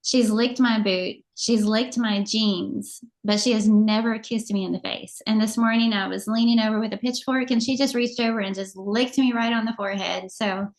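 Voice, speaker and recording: A middle-aged woman co-hosting a casual chat show, telling animated stories and laughing often. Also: a little high, normal speed, few pauses. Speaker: podcast co-host.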